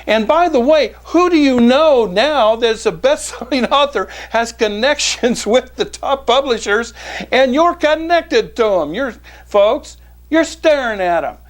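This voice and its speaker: A man who is a business coach and author, giving a direct-to-camera sales pitch in a folksy manner, calling his listeners "folks" and hammering points with repetition. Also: lively intonation, unhurried. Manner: folksy, keeps addressing "folks", emphatic repetition.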